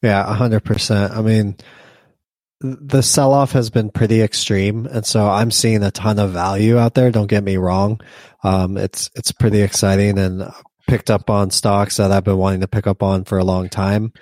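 A man's voice: on the low side, little pitch movement, normal speed, a little mellow, dry recording. A man co-hosting a podcast, talking casually with frequent restarts and fillers. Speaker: podcast co-host. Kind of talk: casual investing discussion.

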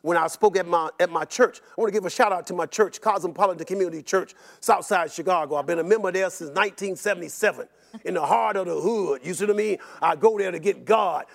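An older man telling stories about his life in an interview, animated and rambling, repeating words and often laughing. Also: high voice, fast talker, creaky. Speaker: interview guest. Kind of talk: personal storytelling in an interview.

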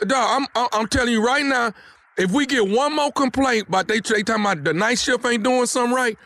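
Needling high-voiced radio prankster man. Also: brisk, fairly bright tone, no echo. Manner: needling, confrontational, stammers and repeats himself. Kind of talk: radio prank phone call.

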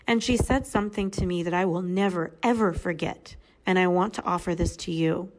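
A woman's voice: on the low side, fairly quick, few pauses, rough recording. A woman in her thirties, a podcast guest telling a personal story in a candid, earnest way. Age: 30s.

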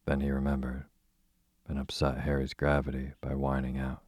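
With a husky, extremely deep voice, an audiobook narrator works through an old-fashioned children's story as storybook narration, steady and almost monotone at normal speed. The sound is close and dry.

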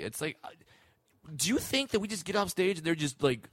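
A male comedian joking about himself in casual, profane chat, quick to get excited. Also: a little high, no room sound. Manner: excitable, self-mocking, profane.

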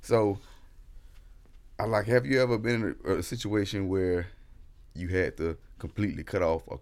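A man in a casual group chat who rambles through his points with halting fillers and restarts. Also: low voice, steady tone.

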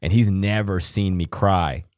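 A man with a very low, deep voice speaks casually and from the heart, rambling through his thoughts and swearing freely. The sound is dry and close, with no room echo. He is in his thirties and co-hosting a podcast. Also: unhurried, a little mellow. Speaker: podcast co-host. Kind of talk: casual emotional conversation.

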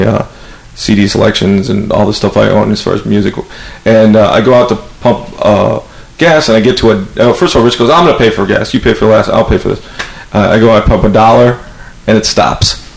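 A man hosting a podcast, telling stories in a casual, animated way, swearing and acting out what people said. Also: fairly low pitch, vocal fry. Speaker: podcast host. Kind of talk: casual storytelling interview. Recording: echoey room with faint noise.

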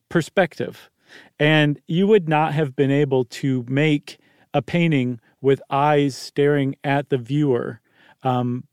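A man's voice: mid-range voice, a little mellow, no echo. Brief: laid-back male podcast host on a studio mic, rambling explainer, dry close sound. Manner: easygoing, rambling, self-interrupting. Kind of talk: casual explanatory chat.

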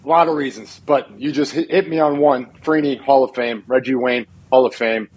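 A man who is a retired football player, a guest on a talk show, telling stories in an animated, self-mocking way. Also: mid-range voice, brisk, highs cut off. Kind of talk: casual chat on a talk show.

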